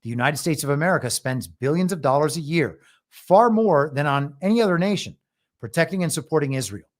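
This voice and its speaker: A man hosting a political commentary podcast, reading out news items and remarking on them in a measured way. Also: on the high side, animated. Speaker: podcast host and moderator.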